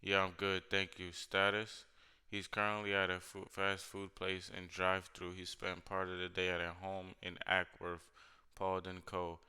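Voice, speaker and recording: Deep, flat, crisp man's voice. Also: normal speed.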